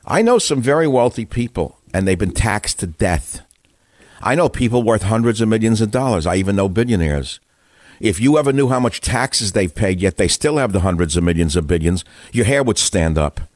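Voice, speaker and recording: An older American man hosting political talk radio rants angrily about taxes and politicians. His lowish voice is animated, moderately paced, and a little mellow, in a dry, clean studio recording.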